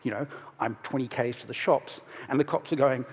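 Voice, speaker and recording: A middle-aged man giving a casual, candid conference talk on stage, restarting his sentences and pausing to steady himself. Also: mid-range voice, slightly rough. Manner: casual and candid, self-interrupting, emotional at moments. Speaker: conference speaker. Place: large conference hall. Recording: hall reverb from stage.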